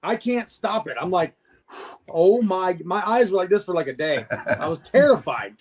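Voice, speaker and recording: Animated man telling a wild story. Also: sits high, fairly quick, background noise. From Florida. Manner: animated, stammering restarts, laughs at himself. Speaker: Bigfoot investigator guest. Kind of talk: casual storytelling interview.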